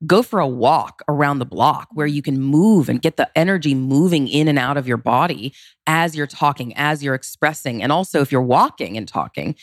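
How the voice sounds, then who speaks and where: A woman relationship consultant giving advice in a podcast interview, expressive and emphatic, with big leaps in her voice. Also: low voice, normal speed, no echo, clean studio sound.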